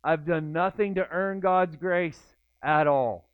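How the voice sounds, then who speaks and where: This pastor's voice is fairly high, clear, and resonant, and he speaks slowly. He preaches conversationally, acting out his listeners' inner voices, and the audio is dry and tinny like a phone, with no echo.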